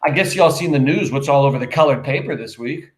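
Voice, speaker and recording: A man's voice: mid-range voice, fast talker, lightly acted. A man reading the lines of a gossipy, sarcastic older woman neighbor in a sugary, insinuating tone, in an echoey room.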